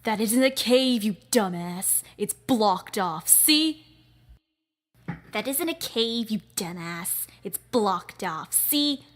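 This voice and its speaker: Contemptuous leader, woman acting it, loud, scolding, impatient with underlings. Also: mid-range voice, expressive, slow. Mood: scornful. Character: scornful bossy leader scolding a dim underling.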